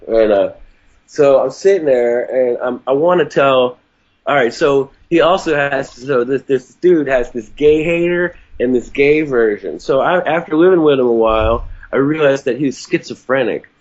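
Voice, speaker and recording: A man spins a long, meandering story as a podcast guest. He swears freely, keeps dropping "man" and "you know", and jumps into animated, raised voices for the people in the tale. The recording sounds a bit dull and lo-fi. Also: mid-range voice, normal speed. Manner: rambling and profane, with lots of fillers; animated, raising his voice for other people's lines. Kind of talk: casual storytelling.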